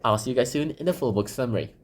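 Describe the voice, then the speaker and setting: A man's voice: mid-range voice, animated, very fast. Rambling man summarizing a book. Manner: rambling, filler-heavy. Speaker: book summary channel host. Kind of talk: casual spoken book summary.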